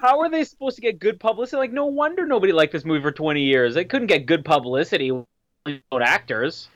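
A man's voice: on the high side, expressive, fast talker, fairly bright tone, lo-fi sound. A man co-hosting a podcast in casual movie chat, dropping wry jokes. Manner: joking, wry asides. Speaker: podcast co-host.

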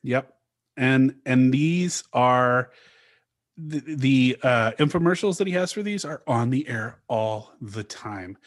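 A man's voice: medium pitch, lively intonation, takes it slowly. A man co-hosting a casual podcast, recounting a story at length with frequent restarts. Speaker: podcast co-host.

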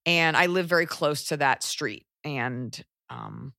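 A woman co-hosting a podcast, giving casual advice in a rambling, animated way and swearing freely. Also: low-pitched, takes it slowly, no echo, studio quality. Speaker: podcast co-host. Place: Los Angeles area.

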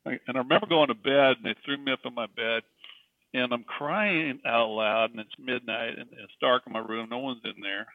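Gravelly man on a tinny distant line. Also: mid-range voice, normal speed, no echo. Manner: earnest, emphatic, animated storytelling. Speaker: guest. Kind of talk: personal storytelling in a faith interview. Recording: distant, tinny phone-like sound.

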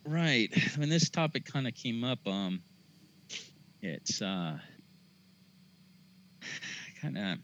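A man talking casually about spiritual ideas as a podcast guest, thoughtful and halting with many fillers. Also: mid-range voice, big pitch swings, fairly bright tone, dull audio.

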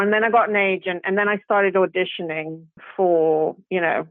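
A woman's voice: medium pitch, normal speed, few pauses, no room sound. A woman, an actress guest on an interview show, spins casual anecdotes with easy laughs and British slang. Her voice arrives over a thin, phone-like line with no room sound at all. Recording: tinny phone line, dry.

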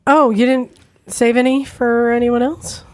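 A woman's voice: a little high, level tone. A woman hosting a podcast in casual chat. She teases the others and keeps the introductions moving, in a garage studio. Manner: teasing, brisk, runs the introductions. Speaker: podcast host.

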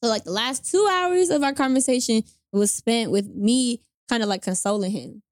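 A young woman telling a personal story in casual chat, animated, acting out both sides of the conversation with slang. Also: on the high side, moderate pace, no room sound, studio quality. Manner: animated retelling with quoted voices and slang. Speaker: storyteller guest.

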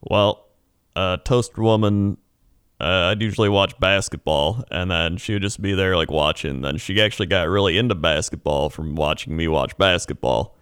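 A man's voice: low voice, normal speed, fairly bright tone, clear, resonant tone, no echo, clean studio sound. A man co-hosting a podcast, chatting in an easygoing way with frequent hesitations and fillers. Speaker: podcast co-host. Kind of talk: casual chat.

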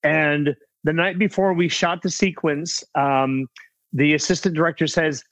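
A middle-aged man with a fairly high voice spins a loose, rambling anecdote from a film set. He restarts often and slips in quick impressions of others. The sound is close and completely dry. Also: fairly even intonation, a bit bright, dry recording. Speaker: guest actor telling set stories. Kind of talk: casual anecdotal storytelling.

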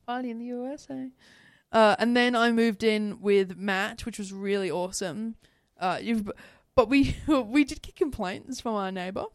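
A woman's voice: medium pitch, measured pace, few pauses, no echo, clean studio sound. A young woman co-hosting a podcast, chatting casually in a rambling way and laughing often. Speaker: podcast co-host. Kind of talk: casual chat.

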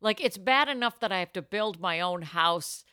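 Bright, lively-voiced woman telling stories. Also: mid-range voice, moderate pace, clear, resonant tone, no echo, studio quality. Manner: chatty, laughs often, animated when telling anecdotes. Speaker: podcast co-host. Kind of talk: casual chat, storytelling.

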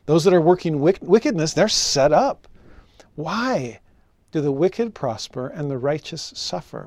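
Animated man teaching scripture. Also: no echo. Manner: animated storytelling, slows to read scripture solemnly; expressive, rises in pitch for rhetorical questions. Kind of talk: scripture lesson with personal stories.

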